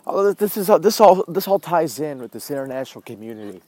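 A man's voice: fairly high pitch, very animated, fast, warm tone. A man hosting a podcast, talking in a rambling, profane way while outdoors walking his dog. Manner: rambling, profane, self-interrupting. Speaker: podcast host. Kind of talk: rambling casual monologue.

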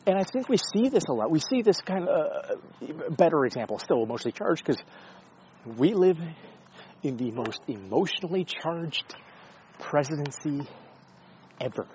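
Out on a neighborhood street with his dog, this male vlogger talks in a rambling, profane, self-mocking way, addressing the dog now and then. He sits on the high side and sounds very animated, darkish in tone, at normal speed with frequent pauses, while the audio loses its highs and carries slight background noise.

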